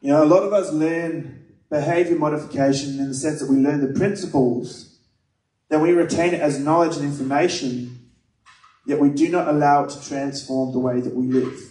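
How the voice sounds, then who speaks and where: A man's voice: a little high, steady tone, moderate pace, warm tone. A man preaching a sermon, earnest and conversational, mixing scripture with personal stories. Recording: echoey room, mic at a distance.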